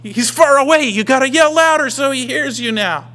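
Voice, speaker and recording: A man voicing a male prophet who loudly taunts rival priests, laughing and shouting. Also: very high voice, normal speed, voice pushed up. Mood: jeering.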